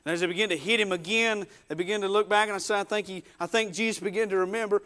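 High-voiced preacher. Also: male voice, fairly even intonation, fast, few pauses, a bit bright, clear, resonant tone. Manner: emphatic storytelling, acts out quoted voices. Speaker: pastor. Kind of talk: sermon.

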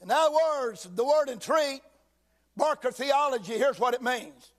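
A very high-pitched man delivers a sermon from the church sanctuary. He reads the King James Bible slowly, drops in homespun remarks, and now and then raises his voice to a shout for emphasis.

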